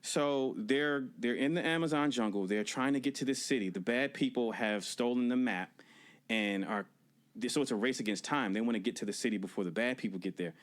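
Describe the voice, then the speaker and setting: Man, podcast co-host, casual movie review, animated retelling, acts out quotes, middle pitch. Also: a little fast. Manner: animated storytelling, acts out quotes, laughs and swears.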